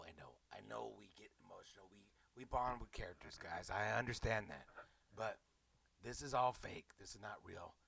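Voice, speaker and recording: A man rambles through a sarcastic comedic movie recap, mocking the people around him and tripping over his own words. His voice sits low with a gravelly fry and a bright, forceful edge. The sound is dry and close, with no room around it. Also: no echo. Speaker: movie reviewer.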